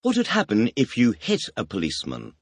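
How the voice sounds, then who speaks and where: A man reading the teacher's questions in a scripted audio language lesson, announcing words and asking quick questions. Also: medium pitch, wildly swooping pitch, dry recording. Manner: announces words, then fires quick questions with a clipped "please".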